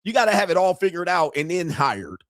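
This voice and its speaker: Brash high-voiced middle-aged man ranting. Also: big pitch swings, a little fast, no echo, clean studio sound. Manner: brash, profane and boastful, laughs at his own jokes. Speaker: online show host. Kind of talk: ranting commentary.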